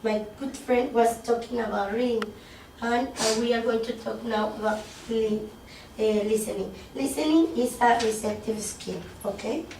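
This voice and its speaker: A woman's voice: on the high side, normal speed, a little mellow, recorded from a distance. A woman giving an interactive workshop presentation, quizzing the group and often checking in with "okay?" and "yes?". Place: classroom. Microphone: distant room mic. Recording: echoey classroom from afar, faint noise.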